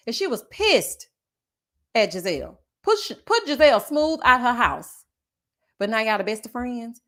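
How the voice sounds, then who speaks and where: A sassy woman dishes gossip in a casual vlog, reading comments aloud and teasing her viewers. Her fairly high voice swoops up and down with lively, animated emphasis. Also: normal speed. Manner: sassy, animated, calls viewers child and baby.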